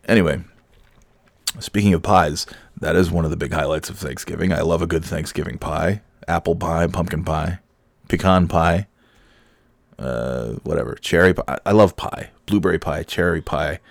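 Sick middle-aged male podcaster, deep, gravelly, dry mic, rambling and self-mocking. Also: moderate pace, no room sound. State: sick, holding back coughing fits; half awake. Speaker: podcast host. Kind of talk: casual solo podcast monologue. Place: home with kids heard in the background.

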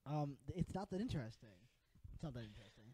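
A man's voice: medium pitch, lively intonation, quick pace, dark tone, breathy edge, low-quality recording. A man co-hosting a podcast in casual chat, giggly and teasing, talking in short bursts while he has the hiccups. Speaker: podcast co-host.

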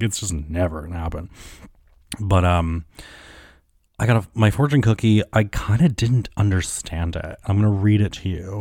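A man with a low, slightly mellow voice hosts a solo podcast, rambling casually and swearing, his speech thick with "like" and "um." The recording is dry with clean studio sound.

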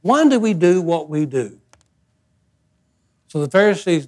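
A man's voice: sits high, big pitch swings, a little slow, long pauses, darkish tone. An older man preaching a sermon as pastor, folksy and emphatic, with repeated phrases.

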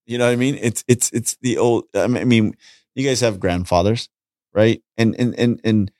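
A man talking casually on a podcast, an animated storyteller who acts out conversations and repeats his points. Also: lowish voice, normal speed, no echo, studio quality. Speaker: podcast guest, street preacher. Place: podcast studio.

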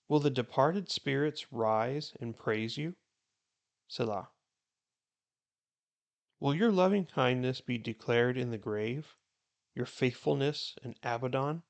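Slow, gravelly man reading scripture. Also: medium pitch. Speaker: Bible reading host.

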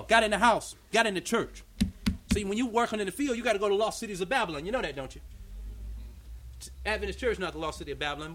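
A male pastor preaches a fervent sermon at a church meeting, calling out to the congregation for responses. His voice sits high for a man and rides a rousing, rhythmic cadence. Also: fairly bright tone.

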